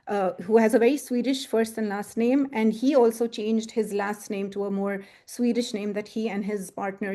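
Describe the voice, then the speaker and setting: A woman's voice: a little high, warm tone. A woman researcher presenting her thesis in a webinar, retelling an interview in a conversational way with many fillers. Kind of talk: academic webinar talk. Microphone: webinar computer mic.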